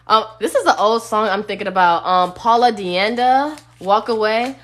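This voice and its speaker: A woman's voice: medium pitch, moderate pace, fairly bright tone. A woman giving a casual, blunt tarot reading on a phone live stream, sometimes singing bits of songs. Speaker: tarot reader.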